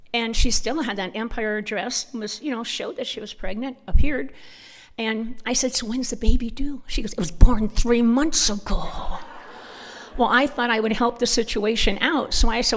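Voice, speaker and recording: A woman's voice: on the high side, normal speed. A middle-aged woman speaking at a church conference, telling humorous stories and acting out the voices in her dialogue. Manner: animated storyteller acting out dialogue. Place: church hall. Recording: long hall reverb.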